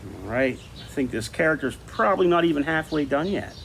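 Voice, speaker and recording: A man's voice: a little high, very animated, brisk, gravelly, slight background noise. Easygoing man teaching an art lesson. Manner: easygoing, thinks aloud while drawing. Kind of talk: casual talk-along art lesson.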